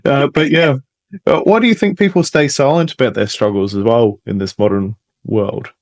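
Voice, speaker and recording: A man hosts a podcast and asks his guest questions in a loose, halting way. His voice sits at an ordinary male pitch, and he restarts sentences as he goes. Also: fairly even intonation. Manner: halting, many restarts and fillers, warm agreement. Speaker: podcast host. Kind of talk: interviewer in casual chat.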